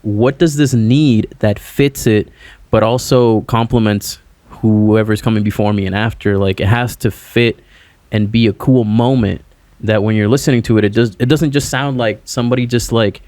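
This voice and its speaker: A man's voice: on the low side, steady tone, moderate pace, darkish tone, no room sound. A man, a musician guest, chatting casually on a podcast over a remote call, rambling and filling his talk with "like" and "you know".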